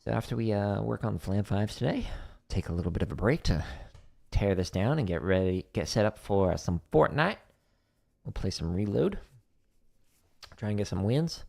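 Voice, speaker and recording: A man with a low, gravelly voice teaches drumming on a practice stream. His pitch moves a lot as he walks through each exercise and counts the patterns aloud. He keeps the talk relaxed and casual. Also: normal speed, long pauses. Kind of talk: instructional livestream talk.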